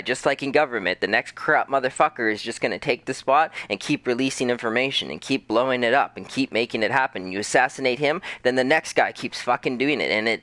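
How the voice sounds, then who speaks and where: A young man streaming a game launches into a heated, profane monologue. His voice is bright and forceful, and it sounds close and dry. He keeps pressing his point with restless conviction. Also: mid-range voice, dry recording. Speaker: gaming streamer. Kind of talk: casual rant over gameplay.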